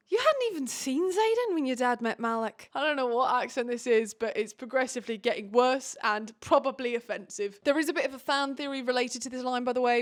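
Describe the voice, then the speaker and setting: Young woman, book recap, sarcastic, chatty, fairly high pitch. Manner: sarcastic, chatty, playful asides.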